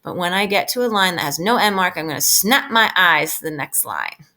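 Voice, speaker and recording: A woman teacher giving a recorded reading lesson to children, patient and slowing down to stress key phrases, often checking in with "right?". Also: lowish voice, expressive, sharp tone. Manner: patient, with frequent tag "right?". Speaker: elementary school teacher.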